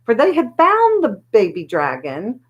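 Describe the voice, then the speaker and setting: A woman reading a children's chapter book aloud, with lively, expressive storytelling. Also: fairly high pitch, a little slow, lo-fi sound. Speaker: storybook reader.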